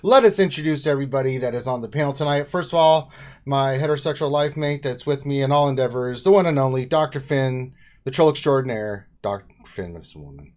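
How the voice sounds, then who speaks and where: A man's voice: medium pitch, fast talker. A man hosting a casual gaming live stream, joking as he introduces the panel. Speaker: host. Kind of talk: casual livestream chat.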